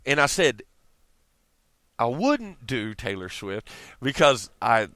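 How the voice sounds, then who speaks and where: A man's voice: medium pitch, very animated, slow, bright, forceful tone, no room sound. A man ranting casually to his viewers, profane and rambling, laughing often. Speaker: vlogger. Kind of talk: casual rant to camera.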